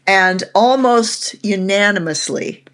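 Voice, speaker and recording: A woman coach speaking as a guest on a podcast. She talks at a slow, unhurried pace, with a middle pitch. She explains her ideas in a measured way and sometimes uses fillers. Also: fairly bright tone. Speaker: human design coach, guest. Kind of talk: casual interview conversation.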